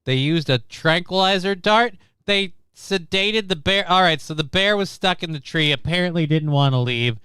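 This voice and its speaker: A man's voice: high voice, normal speed, hardly any pauses, sharp tone, smooth, no room sound, clean studio sound. A man co-hosting a casual stream, joking crudely and swearing often, with a voice that tends to crack. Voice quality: voice prone to cracking. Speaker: stream co-host. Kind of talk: casual chat.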